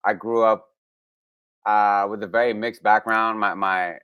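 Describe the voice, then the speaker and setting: A young musician from Brooklyn talks. His voice sits on the low side and sounds smooth and resonant. The recording is dry and close. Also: measured pace, dry recording. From Brooklyn, New York. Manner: relaxed, with frequent fillers and restarts. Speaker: musician guest. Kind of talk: casual interview.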